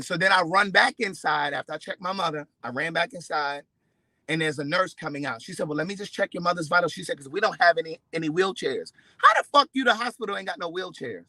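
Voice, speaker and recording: High, bright-voiced man telling a story. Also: fast talker, no room sound, poor audio. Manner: expressive, profane, acts out quotes with big swings in loudness. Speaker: vlogger. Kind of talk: animated storytelling to camera.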